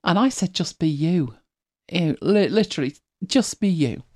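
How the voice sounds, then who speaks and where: At a normal speed, a woman with a lowish, slightly mellow voice and lively intonation hosts a casual chat. She is middle-aged, from Manchester, with a mild accent, and she rambles, laughs often and reads listener comments.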